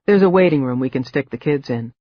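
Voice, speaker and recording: A man's voice: mid-range voice, lively intonation, fast, no echo, lo-fi sound, lightly acted. A narrator voicing a patient, persuasive man. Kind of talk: audiobook character voice.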